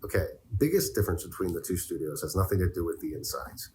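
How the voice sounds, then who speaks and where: A man's voice: deep voice, big pitch swings, fast, dark tone, slight background noise. A man co-hosting a casual podcast over a video call, loose and profane, laughing at his own jokes. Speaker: podcast co-host. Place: recording studio in another city.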